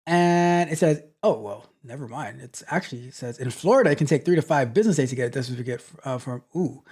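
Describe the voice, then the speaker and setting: A man hosting a live tech question-and-answer show, giving advice in a lively, mock-scolding way and often repeating phrases. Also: fairly high pitch, fast talker, breathy edge. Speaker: host.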